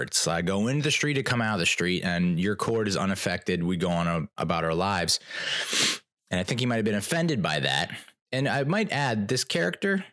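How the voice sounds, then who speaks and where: A man with a fairly low voice tells a story on his own show, loose and animated. He rambles, mocks himself and keeps restarting his sentences. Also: fairly quick. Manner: rambling, animated, self-mocking, with many restarts. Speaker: podcast host. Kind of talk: casual storytelling monologue.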